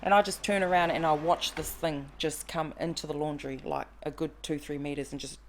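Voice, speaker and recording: Low-voiced woman telling a story. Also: fairly quick, a little hiss or hum. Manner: animated storyteller, acts out quotes. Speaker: podcast guest. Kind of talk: casual conversation, storytelling.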